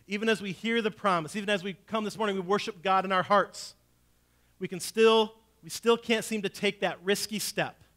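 Guy pastor preaching, pretty high voice, goes quiet then loud telling a story. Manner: storytelling, swinging between hushed and loud. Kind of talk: sermon.

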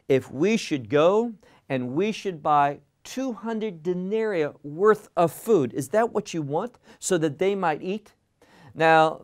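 A man teaching verse by verse through a Bible passage, deliberate and emphatic, often repeating words for stress. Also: on the high side, darkish tone.

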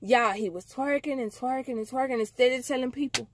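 Animated high-voiced woman telling a story. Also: brisk, few pauses. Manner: animated, slangy, addresses viewers as y'all. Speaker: storytime vlogger. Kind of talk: casual storytime to camera.

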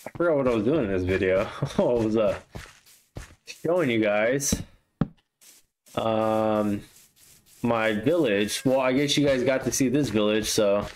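Excitable man narrating his gameplay. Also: lowish voice, unhurried, pauses often, a little hiss or hum, low-quality recording. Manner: excitable, flares up into frustrated outbursts. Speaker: gaming vlogger. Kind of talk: casual gameplay commentary.

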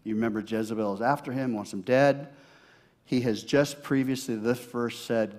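A man pastor preaching a sermon, swinging from loud emphasis to hushed, near-whispered asides. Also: medium pitch, fairly even intonation, moderate pace.

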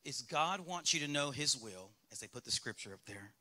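A man's voice: medium pitch, lively intonation, moderate pace, sharp tone. A male pastor with a Southern US accent preaching a sermon in a church, speaking candidly and asking the congregation rhetorical questions. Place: church sanctuary.

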